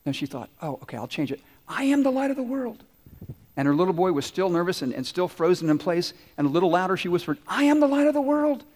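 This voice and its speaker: A woman's voice: sits low, quick pace, hardly any pauses, lightly acted. A man voicing a nervous mother who whispers prompts to her child from the front row, in a large reverberant hall. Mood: urgent whispering. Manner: urgent stage whisper, growing louder.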